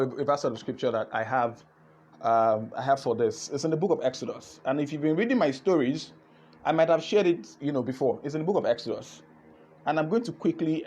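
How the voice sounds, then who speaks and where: A man with a Nigerian accent hosts a live online business session, talking in an animated way and repeating his words. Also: a little high. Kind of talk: lively live-stream talk.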